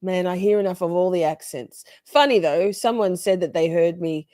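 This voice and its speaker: A woman's voice: lowish voice, normal speed, warm tone, no room sound, studio quality. Chatty, foul-mouthed Australian woman streamer. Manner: chatty, swears freely, gushing. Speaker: live-stream host reacting to a trial. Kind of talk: casual live-stream commentary.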